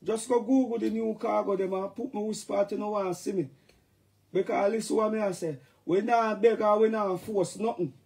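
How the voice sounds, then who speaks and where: A man with a Jamaican accent, rambling casually to his fans on a live stream and breaking into shouted catchphrases. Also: sits high, fairly even intonation, moderate pace. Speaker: dancehall artist talking to fans.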